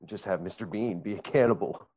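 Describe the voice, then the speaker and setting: A man's voice: fairly low pitch, brisk, dark tone. A man joining a podcast remotely as guest co-host, laid-back and joking in casual chat, with a dull lo-fi sound.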